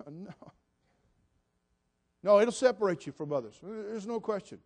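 A man's voice: high voice, big pitch swings, measured pace, long pauses, a little mellow, husky. A man preaching a sermon as pastor, emphatic and repetitive, putting direct questions to the congregation.

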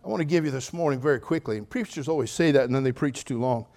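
An older man preaching a sermon as pastor, telling funny stories with sudden loud outbursts, then speaking more quietly and earnestly. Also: mid-range voice, fast talker. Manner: humorous, animated storytelling with sudden loud outbursts. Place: church.

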